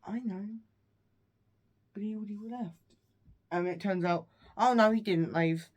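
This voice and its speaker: A man's voice: sits high, moderate pace. A man casually recapping a film's plot in a rambling, meandering way, often correcting himself. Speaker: movie reviewer.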